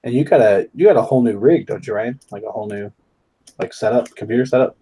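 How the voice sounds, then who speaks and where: A man's voice: medium pitch, fast talker, warm tone, husky. A man co-hosting a podcast, chatting casually in a joking, playful way. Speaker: podcast co-host. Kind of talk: casual chat.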